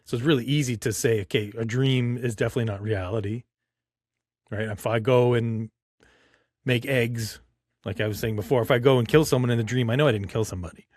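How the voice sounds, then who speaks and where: A man hosting a podcast muses aloud in a casual, rambling way and stops often for fillers. His voice sits at an ordinary middle pitch. The recording is dry and close. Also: quick pace, a little mellow, no echo. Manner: reflective, rambling, with many fillers. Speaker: podcast host. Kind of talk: casual chat.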